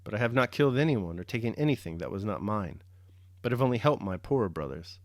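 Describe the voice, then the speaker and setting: A man's voice: fairly low pitch, animated, fast talker, dry recording, studio quality, close to an everyday voice. A man reading the lines of an old merchant convict who speaks in a sorrowful, resigned way.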